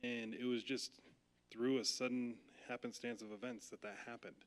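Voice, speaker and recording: An American man from the congregation sharing a testimony, telling it quickly and earnestly. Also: medium pitch, little pitch movement. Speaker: congregation member.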